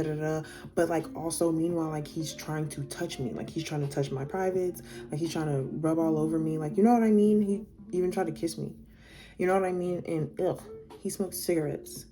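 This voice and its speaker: A woman's voice: on the low side, warm tone. A young woman telling a personal story in a casual storytime, rambling with lots of fillers and swearing, her voice climbing when she gets worked up.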